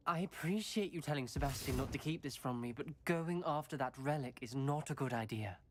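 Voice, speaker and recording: A man's voice: medium pitch, a little fast, natural voice. An actor playing an earnest, protective young male wizard student who reproaches a friend. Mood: reproachful.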